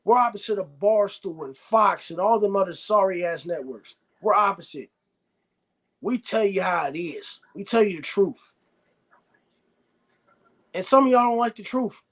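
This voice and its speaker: A man's voice: high-pitched, expressive, normal speed, pauses often, a bit bright. A man hosting a live sports reaction stream, ranting bluntly and repeating himself. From United States. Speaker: sports show host.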